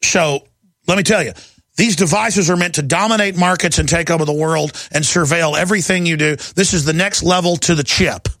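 A man's voice: on the high side, a little fast, sharp tone, no room sound. A middle-aged man hosting a talk radio show, ranting fervently in a rising, impassioned monologue.

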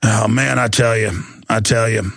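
A man's voice: lowish voice, fairly even intonation, moderate pace, creaky, fairly bright tone, dry recording. A middle-aged man hosting a talk radio show, ranting heatedly and often stammering and repeating his words.

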